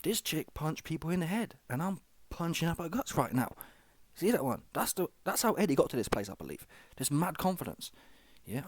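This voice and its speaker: A man's voice: on the high side, very animated, fairly quick, dry recording. A man hosting a comic reaction commentary, slangy and rambling, often asking "yeah?" and "see that one?". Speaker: comedy reaction host.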